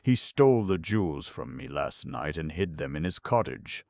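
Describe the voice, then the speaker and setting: A man's voice: extremely low pitch, sing-song, normal speed, darkish tone, no echo, exaggerated voice. A man voicing an earnest, impatient young woman in an audiobook, speaking in a clipped, insistent way.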